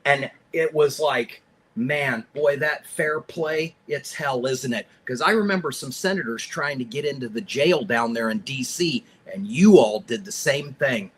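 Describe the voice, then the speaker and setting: A man's voice: mid-range voice, measured pace, husky. A man co-hosting a casual political podcast, speaking emphatically and jumping in eagerly. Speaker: podcast co-host.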